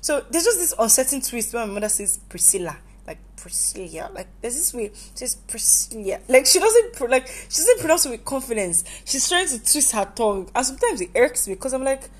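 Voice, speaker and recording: A woman's voice: sits high, sing-song, a little fast, hardly any pauses, slightly rough. A woman from Nigeria, hosting a casual personal podcast monologue in a goofy, rambling way that keeps correcting itself. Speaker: podcast host.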